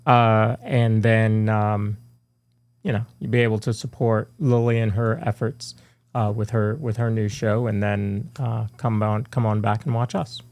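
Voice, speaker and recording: Gravelly man co-hosting a podcast. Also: fairly low pitch, fairly even intonation, a little slow, darkish tone, no room sound. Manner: rambling, many fillers and restarts. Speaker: podcast co-host. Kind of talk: casual live podcast chat.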